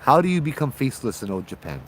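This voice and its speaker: A man with a Hawaiian accent, a bit tipsy, telling ghost stories outdoors in a relaxed, rambling way with local slang. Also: mid-range voice, quick pace, a little hiss or hum. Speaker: host, ghost-story teller. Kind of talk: casual spoken storytelling. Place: outdoors at night.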